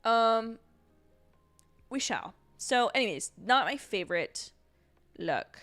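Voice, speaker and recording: A young woman hosting a casual watch-along livestream, chatty and rambling, with quick apologetic asides and a sleepy edge. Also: fairly high pitch, lively intonation, fairly bright tone, faint music behind. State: sleepy, yawning. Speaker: livestream host.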